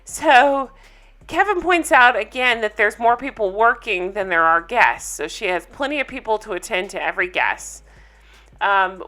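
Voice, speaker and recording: A woman vlogger recapping a reality show episode in casual, opinionated chat. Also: mid-range voice. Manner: chatty, opinionated, animated.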